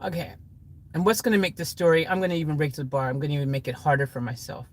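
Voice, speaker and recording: Talking very fast in a low voice, a woman livestream host banters playfully with her chat, laughing frequently. She's setting up a casual improvised story for her viewers.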